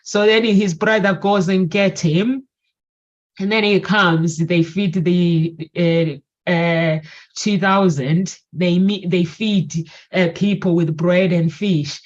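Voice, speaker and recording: A woman's voice: lowish voice, steady tone, slow, lo-fi sound. A woman in a casual faith and self-help chat, eagerly retelling a story with many restarts. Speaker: talk show co-host.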